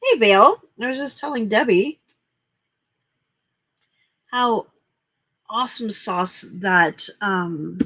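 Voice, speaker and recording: A woman's voice: medium pitch, animated, takes it slowly, long pauses, fairly bright tone. A woman hosting a casual late-night crafting livestream, chatty and upbeat, greeting viewers by name. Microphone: desk microphone.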